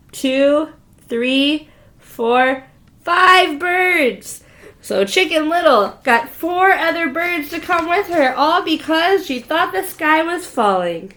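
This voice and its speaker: A woman's voice: high-pitched, a bit bright. A woman preschool teacher reading a storybook aloud to young children, asking them questions and spelling out letters.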